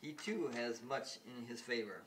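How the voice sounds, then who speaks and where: A man voicing an arrogant alien boy ruler, reading his lines louder and higher than his own voice. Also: expressive, moderate pace, distant mic, slight background noise, close to an everyday voice. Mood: scornful.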